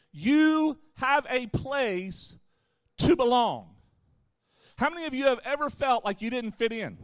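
High-voiced man preaching to young people. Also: fairly bright tone, no room sound. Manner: conversational preaching with playful asides to the audience. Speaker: youth pastor. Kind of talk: sermon.

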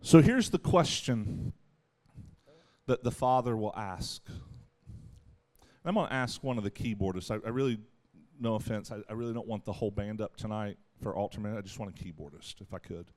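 A man preaching a sermon in an animated way, acting out voices as he goes. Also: fairly low pitch, normal speed. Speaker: pastor.

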